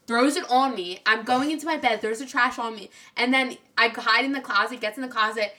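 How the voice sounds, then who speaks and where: A woman in her twenties co-hosting a podcast, telling animated stories in casual chat and swearing freely. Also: a little high, fairly quick. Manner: animated storytelling, heavy swearing. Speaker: podcast co-host.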